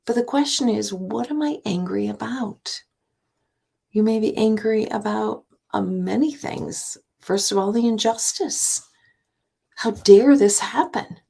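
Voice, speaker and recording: A woman author giving a reflective self-help talk, asking herself rhetorical questions and often dropping into a soft, breathy near-whisper. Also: mid-range voice, a little slow. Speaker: author and divorce speaker.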